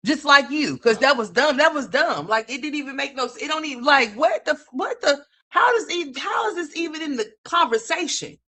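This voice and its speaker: Bright sharp voiced woman going off, cursing, stumbling over her own words in disbelief. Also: high voice, lively intonation. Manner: profane, incredulous, rapid-fire restarts. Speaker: commentator. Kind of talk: ranting online commentary.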